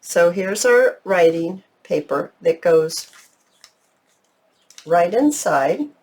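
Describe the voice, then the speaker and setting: Very slow yet expressive, her fairly low, darkish voice carries a casual craft tutorial she hosts as a middle-aged woman on her channel. She's gushing and enthusiastic, talking straight to viewers and calling them "you guys."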